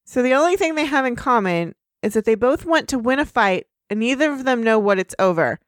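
A woman hosting a podcast, talking through a cartoon episode in loose, filler-heavy chat. Her pitch moves up and down in a lively way, and the recording sounds dry and close. She breaks off now and then to act out lines. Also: no room sound. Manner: chatty, many "like" fillers, quick asides. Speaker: podcast co-host. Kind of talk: casual recap chat with acted character lines.

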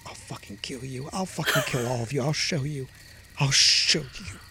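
A man's voice: extremely high pitch, expressive, takes it slowly, slight background noise, voice pushed up, heavily acted. A man voicing a beaten, hateful man who pleads for help and then mutters threats in a tabletop game. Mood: seething.

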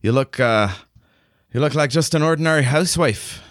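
A man's voice: on the high side, normal speed, fairly bright tone, no room sound, studio quality, pitched above the performer's own voice, close to an everyday voice. A man voicing a stern, suspicious female soldier commander in a tabletop game, with a faint attempt at a Scottish accent. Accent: attempted Scottish, barely heard.

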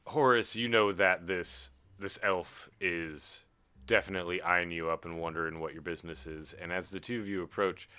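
Bright-voiced casual game master man. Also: low-pitched, smooth. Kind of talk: narrating a tabletop game.

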